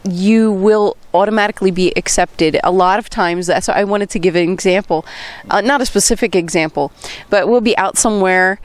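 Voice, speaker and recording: A woman's voice: medium pitch, a little fast, no room sound. A woman from the United States, an English teacher, chatting casually and explaining things with everyday examples. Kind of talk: casual conversation.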